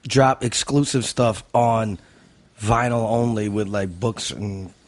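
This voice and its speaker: A man co-hosting a podcast in casual chat. He chimes in often with quick agreement and laughs a lot. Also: lowish voice, steady tone, no echo. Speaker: podcast co-host.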